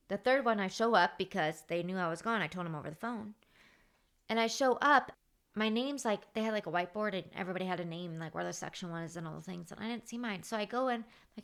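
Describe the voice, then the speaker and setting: A woman in her thirties hosting a podcast, telling stories in a casual, chatty way with many fillers and growing loud and animated when she retells a conflict. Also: medium pitch. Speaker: podcast host. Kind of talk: casual storytelling monologue.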